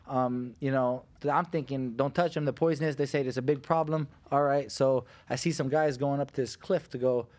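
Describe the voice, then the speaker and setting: Man, thirties, podcast guest, animated storyteller, mid pitch. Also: normal speed, hardly any pauses. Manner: animated storyteller, acts out voices. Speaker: fighter guest.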